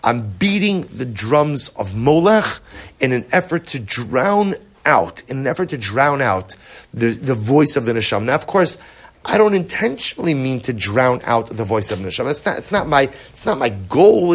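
Middle-aged man, Torah class lecture, animated, repetitive, swinging pitch, average voice. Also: moderate pace, breathy edge. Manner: animated, repetitive, acts out inner voices, mixes Hebrew terms. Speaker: rabbi teaching a study group.

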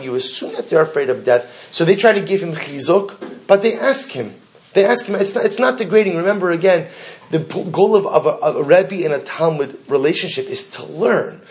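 A man teaching a Talmud class, animated, asking rhetorical questions and repeating key phrases for emphasis. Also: a little high. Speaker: Torah teacher.

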